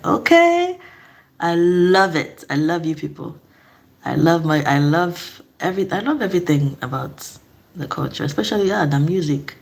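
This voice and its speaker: A young Nigerian woman with a low-pitched voice chats casually with her live-stream audience, laughing often and repeating herself.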